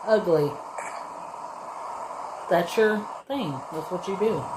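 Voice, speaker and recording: A woman makes dry, disapproving remarks on a livestream. She speaks very slowly in a lowish voice. Ambient background noise is clearly audible. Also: lively intonation. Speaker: co-host on a livestream.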